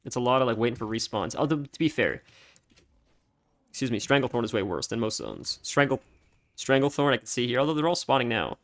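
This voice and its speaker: Animated and fairly quick, this medium-pitched, slightly bright voice belongs to a man commentating on a game he's streaming. He's casual and chatty, drifting into rambling stories and laughing often.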